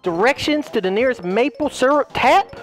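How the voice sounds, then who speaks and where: A woman's voice: a little high, expressive, normal speed, faint music behind, lightly acted. A hearty, joking lumberjack woman with a Canadian accent, the kind who tacks "eh" onto her sentences, voiced by a synthetic woman's voice in a video game. She talks in a folksy, good-humored way. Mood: jovial. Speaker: game character.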